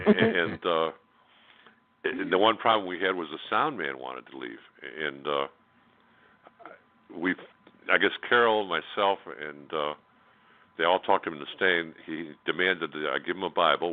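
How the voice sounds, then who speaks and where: A man's voice: very deep voice, normal speed. A man telling a personal story as a radio interview guest, in a candid, blunt way with many fillers and restarts. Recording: tinny phone line.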